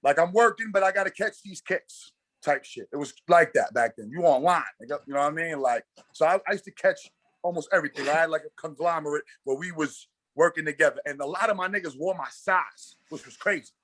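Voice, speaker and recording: A man with a New York accent spins animated, slangy stories in a casual interview and acts out the dialogue as he goes. His voice sits a little high and sounds bright and forceful. The sound is close and dry. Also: brisk, no echo. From Brooklyn, New York. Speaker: guest, basketball coach.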